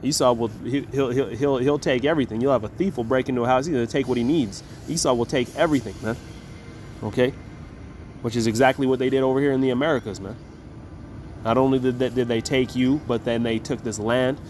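A man's voice: medium pitch, fairly even intonation, darkish tone, slight background noise. Man teaching scripture in a casual way. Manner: reads verses slowly and emphatically, then talks loosely, tagging lines with "man". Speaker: Bible teacher. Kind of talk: scripture reading with casual commentary.

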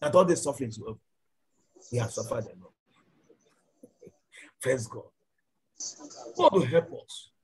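A man's voice: mid-range voice, animated, a little slow, pauses often, darkish tone, slightly rough, poor audio. A man preaching a church sermon and leading fervent prayer, repeating his lines again and again. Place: church service.

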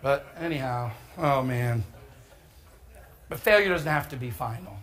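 A middle-aged male pastor preaching a storytelling sermon, humorous and animated, bursting into emphatic shouts. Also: medium pitch, unhurried.

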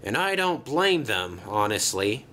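A man's voice: medium pitch, sing-song, a little slow, sharp tone, slight background noise. A man voicing a sheepish, secretive male bus in a storybook tale, talking hesitantly and apologetically.

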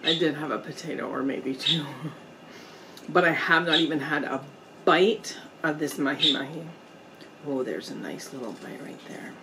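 A woman vlogger chatting casually while eating on camera at home, pausing often to savor her food. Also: sits low, very noisy. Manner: slow, chatty, pauses to eat and savor. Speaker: mukbang vlogger. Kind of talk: casual eating vlog chat. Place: indoors at home, storm outside.

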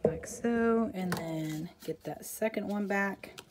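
A woman's voice: mid-range voice, slow pace, noisy background. A woman hosting a casual papercraft tutorial, chatty and rambling, with self-deprecating asides as she works.

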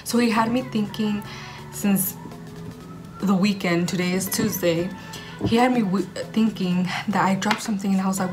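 A woman's voice: medium pitch, steady tone, measured pace, over music. A young woman chatting to camera at home for her vlog, gushing and rambling with lots of "like". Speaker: vlogger. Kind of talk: casual chat to camera.

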